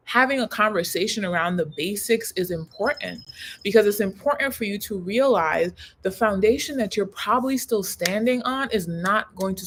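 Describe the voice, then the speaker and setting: A woman in her thirties, a coach, talking casually to camera in an emphatic, conversational way, leaning on slang and repeating key words for weight. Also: medium pitch. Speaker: human design coach. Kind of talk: casual direct-to-camera talk.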